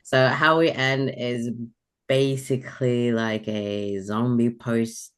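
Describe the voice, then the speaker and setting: A man's voice: mid-range voice, level tone, slow pace, fairly bright tone, smooth. A man in his thirties with a British-sounding accent, chatting as an author guest in a casual, rambling way, laughing often. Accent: British-sounding English. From Sweden. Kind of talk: casual podcast interview.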